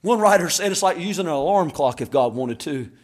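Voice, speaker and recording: A man preaching a sermon, shouting key words and stretching them out, then dropping to quiet, folksy asides with a laugh. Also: on the high side, lively intonation, brisk. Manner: drops to quiet folksy storytelling. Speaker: pastor.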